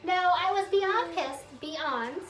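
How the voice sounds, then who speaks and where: A woman's voice: extremely high pitch, takes it slowly, a bit bright, soft background music, low-quality recording. A woman in her twenties telling a story in a casual vlog rant, rambling and swearing freely, with her small children around her at home. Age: 20s. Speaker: vlogger.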